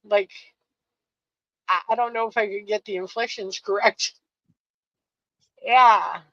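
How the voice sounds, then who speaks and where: A woman's voice: medium pitch, steady tone, slow, sharp tone, dry recording, highs cut off. A woman co-hosting a poetry show, chatting in a giggly, exclamatory, rambling way. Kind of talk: casual chat.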